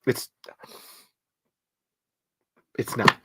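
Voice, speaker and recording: Candid trans podcast host, halting, dry mic. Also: bright, forceful tone, no room sound. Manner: halting, personal, emotional. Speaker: podcast host reading live chat comments. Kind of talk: casual livestream chat.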